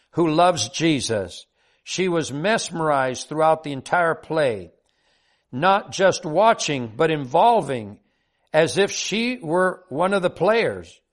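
An older man with a notably high voice tells a heartfelt devotional story in an earnest, sincere way. He reads it at a steady pace with deep feeling. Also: slow pace. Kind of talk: devotional personal story reading.

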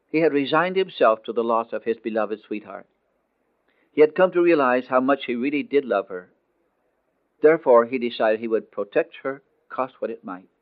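A man narrating a dramatic story in a scripted, expressive way, slowing down on emotional phrases. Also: mid-range voice. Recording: tinny phone-like dry recording.

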